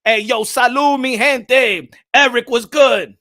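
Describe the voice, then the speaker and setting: A man hosting a boxing live stream, greeting viewers and ranting loudly with lots of profanity and occasional Spanish phrases. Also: extremely high pitch, slow. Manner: loud, hyped, profane, frequent shouting. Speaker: boxing channel host. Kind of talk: live-stream commentary and viewer shout-outs.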